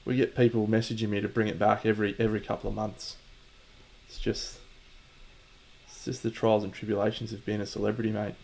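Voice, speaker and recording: Laid-back Australian man, low voice. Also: little pitch movement, a little fast, creaky, darkish tone. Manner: laid-back, joking, mock-boastful, swears casually. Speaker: streamer painting miniatures. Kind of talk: casual live-stream chat to viewers.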